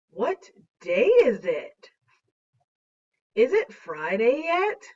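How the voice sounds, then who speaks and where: A woman teaching a third grade lesson on a slideshow, speaking slowly and deliberately with a playful teacher manner. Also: medium pitch. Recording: dull, distant lo-fi recording.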